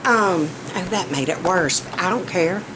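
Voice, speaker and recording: Cooking at home, this Southern vlogger talks in a fairly low, animated voice, a little on the slow side. Her chatter is folksy and rambling, she sounds a bit breathless, and a running fan fills the kitchen with noise.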